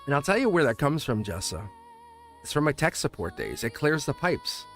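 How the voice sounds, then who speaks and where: A man's voice: mid-range voice, very animated, normal speed, a bit bright. A man hosting a tarot livestream in a rambling, casual way, chuckling often and restarting his sentences. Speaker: tarot reader and livestream host. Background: faint music.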